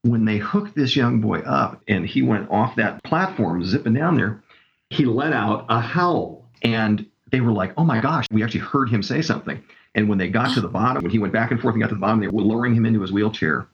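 A man's voice: fairly low pitch, expressive, fairly quick, gravelly, highs cut off. A man telling stories with enthusiasm as a guest in a casual interview. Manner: enthusiastic storyteller. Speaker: camp director guest.

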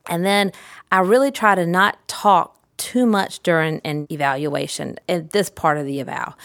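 A middle-aged woman, a pediatric therapist, giving an instructional talk in a lively, demonstrative, emphatic way. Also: fairly low pitch, no room sound, studio quality.

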